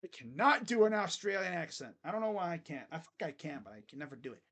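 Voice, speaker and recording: Loud, crude young sports fan man. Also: fairly high pitch, big pitch swings, quick pace. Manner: blunt, crude joking with loud bursts. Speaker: sports channel host. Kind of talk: casual live game reaction. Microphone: webcam setup.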